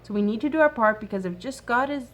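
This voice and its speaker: A woman in her thirties giving an earnest, soft-spoken faith-based advice talk to other mothers. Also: a little high, lively intonation, fast. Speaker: mom sharing a workshop talk.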